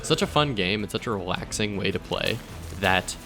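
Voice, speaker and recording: A young man hosting a casual gaming video, thinking aloud as he plays, relaxed and often trailing off mid-thought. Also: on the low side, normal speed, music in the background. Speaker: gaming channel host. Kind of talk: casual let's play commentary.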